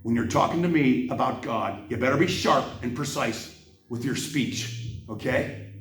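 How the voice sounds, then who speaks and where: A man hosting a heated monologue about religion, swinging from an impassioned rant to a quiet, apologetic tone. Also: medium pitch, measured pace, roomy sound, distant mic. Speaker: channel host.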